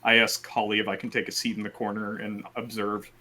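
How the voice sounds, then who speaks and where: Dry, bright-voiced man playing a tabletop game. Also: fairly low pitch, level tone, brisk. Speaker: player.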